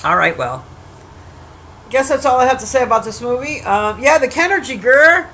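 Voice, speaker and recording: Foul-mouthed woman streamer ranting to her chat, bright voice, lil bit of faint noise behind. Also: sits high, lively intonation, low-quality recording. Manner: profane, blunt trash-talking, teasing the chat; rambling with restarts and drawn-out asides. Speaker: livestreamer reviewing a movie. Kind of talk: casual livestream chat.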